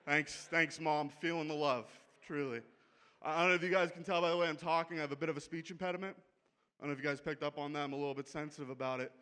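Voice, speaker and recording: A man's voice: a little high, steady tone, fast, sharp tone, clean tone. A man with a Pittsburgh accent doing a brash, profane, conversational stand-up set on a comedy club stage. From Pittsburgh, USA.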